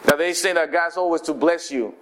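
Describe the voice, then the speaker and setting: A man preaching a sermon, telling the story lively and acting out what the people in it say. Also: on the high side, brisk. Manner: animated storytelling, acting out quoted voices.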